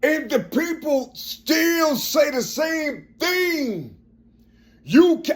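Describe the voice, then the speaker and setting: A man in his fifties with a strong, forceful tone, talking in a rambling personal monologue and repeating phrases as he searches for words. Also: very high-pitched, lively intonation, drawn-out words. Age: 50s.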